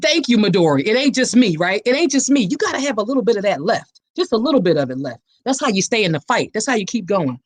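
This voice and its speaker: A woman who hosts a podcast and advocates for survivors gives a live-streamed awareness talk, reading comments and preaching passionately straight to her listeners. Her husky, medium-pitched voice is sing-song and fast, with few pauses, and there's no room sound.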